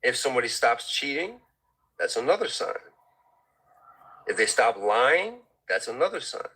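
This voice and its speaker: A man on a discussion panel, explaining his point in a measured, step-by-step way. His voice is bright and carries a husky edge. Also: medium pitch, sing-song, poor audio. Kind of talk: casual discussion.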